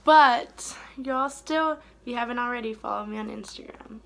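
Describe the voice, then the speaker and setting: Young woman talking thru her makeup routine, kinda high voice, rambly, trails off quiet. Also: moderate pace, vocal fry, noisy background. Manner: chatty, rambling, trails off softly mid-thought. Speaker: beauty vlogger. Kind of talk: casual get-ready-with-me chat.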